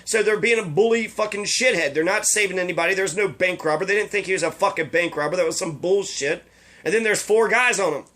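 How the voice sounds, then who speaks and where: Profane, ranting man with a bright voice. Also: high-pitched, quick pace. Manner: profane, indignant, rambling. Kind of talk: casual ranting monologue.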